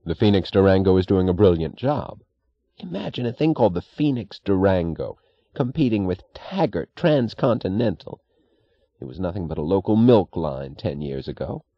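A man playing an earnest young railroad assistant in an audiobook, urgent and pleading in a low voice. His delivery moves up and down with feeling over a dry, slightly muffled recording. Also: big pitch swings, normal speed, no room sound, exaggerated voice. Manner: urgent, pleading, plain-spoken. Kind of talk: audiobook character reading.

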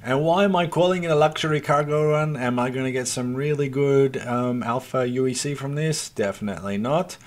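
A man's voice: mid-range voice, fairly even intonation, brisk, few pauses. Swearing man narrating gameplay. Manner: chatty, swears freely, mutters at the game; addresses viewers as folks. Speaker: let's play host. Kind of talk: casual gameplay commentary.

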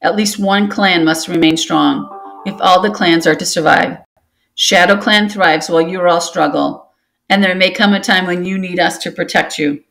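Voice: mid-range voice, steady tone, normal speed, creaky, a bit bright, faint music behind, rough recording. A reader voicing a menacing, domineering male cat clan leader in a storybook, speaking in a demanding growl.

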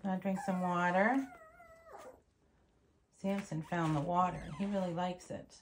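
A woman's voice: lowish voice, steady tone, unhurried, background noise. A woman filming her puppies, chatting casually and cooing to them in baby talk. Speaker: dog breeder filming puppies. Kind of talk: casual vlog narration.

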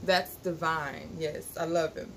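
A woman's voice: low voice, level tone, a little slow, creaky. A woman, co-hosting a casual live stream and greeting viewers by name. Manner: warm greetings, reads names aloud, easygoing. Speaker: co-host. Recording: faint background noise.

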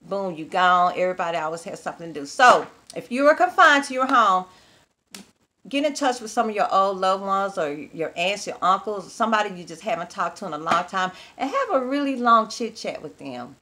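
A woman's voice: mid-range voice, lively intonation, brisk, sharp tone, slight background noise. A woman from Texas, talking casually to camera in a folksy, chatty way and laughing easily. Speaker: vlogger.

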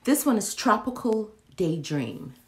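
A young woman chatting her way through a candle haul, her voice swinging lively up and down. She talks slowly and playfully, often muttering to herself in a whisper. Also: medium pitch. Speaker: vlogger reviewing candles. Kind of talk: casual haul video chat.

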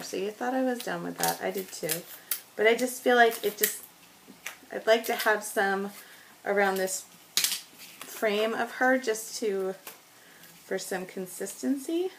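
A woman's voice: fairly high pitch, background noise. A woman chatting casually as she works on a scrapbook layout, joking about herself and laughing often. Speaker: scrapbooking vlogger. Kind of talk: casual talk while crafting.

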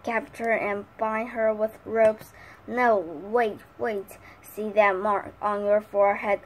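A woman voicing the leader of a band of winged monkeys in a storybook reading, slow and measured. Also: medium pitch, steady tone, low-quality recording. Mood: solemn.

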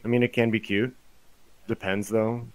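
A man's voice: on the low side, flat delivery, moderate pace, dry recording, rough recording. A young man gaming with a friend over voice chat, swearing a lot and ranting mockingly in casual banter. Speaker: gamer on voice chat.

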